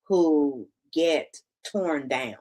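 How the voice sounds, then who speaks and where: A woman hosting a casual interview speaks in a fairly low voice. She showers her guest with enthusiastic, affirming praise and calls her "honey.". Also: very slow, dark tone. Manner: effusive, affirming, says honey. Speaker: podcast host.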